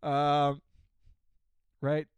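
A man's voice: fairly high pitch, completely flat delivery, extremely slow, clear, resonant tone, dry recording, muffled recording. A man on a podcast, chatting casually in a sarcastic rant, full of fillers and restarts. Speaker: podcast co-host. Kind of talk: casual ranting chat.

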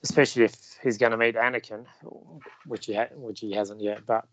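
A man's voice: lowish voice, little pitch movement, brisk, a bit bright, dry recording, low-quality recording. Chatty man, dry close sound. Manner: chatty, laughing easily, trailing off mid-thought. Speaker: podcast co-host. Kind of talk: casual chat about scripture.

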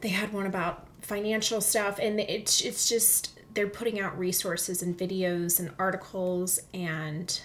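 Chatty woman host at home on a mic, bubbly, says like a lot, slips into whispers, faint low rumble behind. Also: a little slow, few pauses. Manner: chatty and excitable, lots of "like", often drops to a near whisper. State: recovering from illness, walking with a limp. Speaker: podcast host. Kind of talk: casual solo podcast chat. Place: home, seated in a comfy chair. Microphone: studio microphone.

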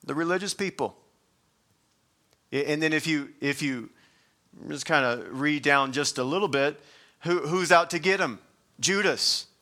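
A man's voice: on the high side, a little slow, pauses often, pushed and bright. A middle-aged man preaching a sermon as pastor, conversational, with frequent restarts and rising emphasis.

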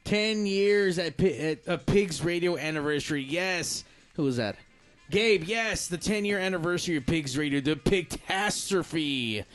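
A man's voice: on the high side, a little slow, fairly bright tone, faint music behind. A man hosting a radio show, swearing a lot in casual, laid-back banter.

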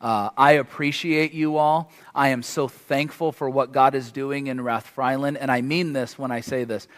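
A man's voice: mid-range voice, fairly even intonation, normal speed, long reverb tail. A man preaching as a guest, delivering an impassioned sermon that builds to emphatic peaks and closing in prayer. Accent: foreign to the congregation, from across the ocean. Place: church hall.

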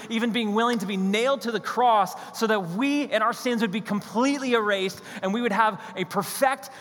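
A man's voice: high-pitched, a bit bright. A man preaching a sermon as pastor, in a conversational, storytelling manner with playful asides. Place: church hall. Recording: church hall with long reverb.

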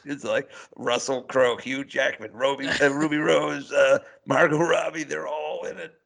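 Gravelly-voiced casual man. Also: medium pitch, fairly even intonation, fairly bright tone. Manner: halting, restarts phrases, chuckles. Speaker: podcast co-host. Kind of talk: casual chat.

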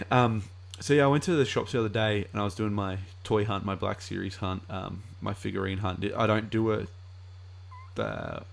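A man's voice: fairly low pitch, gravelly. A man chatting casually as a live streamer, rambling with many fillers.

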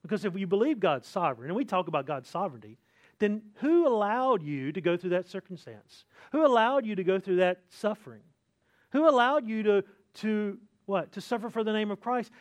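A pastor preaching a sermon in a conversational way, often checking in with his listeners by asking "right?". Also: extremely high pitch. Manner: acts out complaining voices with sighs.

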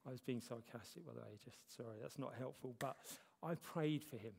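A man's voice: medium pitch, fairly quick, creaky, darkish tone, a little hiss or hum. A man preaching a sermon as a church elder, talking conversationally with self-deprecating humor. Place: church hall. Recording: long reverb of a church hall.

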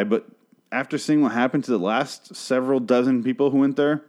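A man recapping a TV episode in a casual monologue, rambling and profane, breaking off to act out the characters' lines in animated voices. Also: medium pitch, a little fast. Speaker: show recapper.

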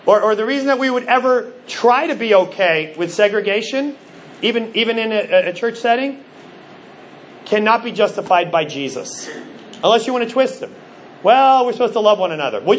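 A middle-aged man preaching from the pulpit in a high voice. He tells stories with animation and acts out the quoted lines. A faint hum of background noise runs under the recording. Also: a bit bright. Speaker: pastor. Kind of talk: sermon.

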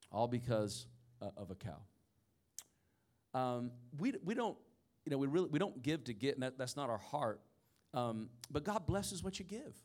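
Impassioned male pastor preaching. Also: medium pitch. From rural area of the country. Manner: impassioned preaching, swinging from hushed storytelling to loud emphatic peaks; frequent stammered restarts. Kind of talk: sermon.

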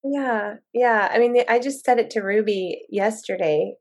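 A woman in her thirties, a mother and podcast guest, telling lively stories in casual conversation and acting out her own quotes with laughter. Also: medium pitch, moderate pace.

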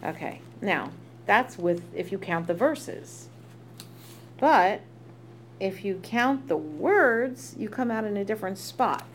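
A woman's voice: mid-range voice, expressive, slow, a little hiss or hum. A woman teaching a text study in a chatty way, reading verses aloud and translating them with asides. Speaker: Torah teacher.

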